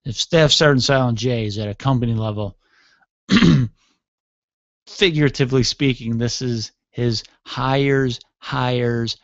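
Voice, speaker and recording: A man's voice: mid-range voice, takes it slowly, no room sound. A man hosting a radio show, telling a comic story in a playful, mock-dramatic way, on a dull, dry recording.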